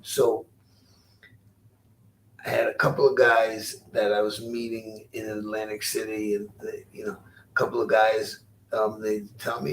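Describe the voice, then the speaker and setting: A man in his sixties, a former boxer, telling stories as an interview guest in a halting, rueful way, often repeating his words. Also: lowish voice, little pitch movement, recorded from a distance, a little hiss or hum. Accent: Rhode Island. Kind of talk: storytelling interview.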